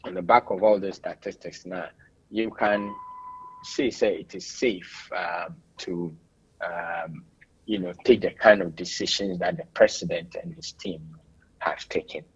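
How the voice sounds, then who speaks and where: A man with a Ghanaian accent, a radio interview guest giving measured, explanatory answers. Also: low voice, fairly even intonation, breathy edge, lo-fi sound.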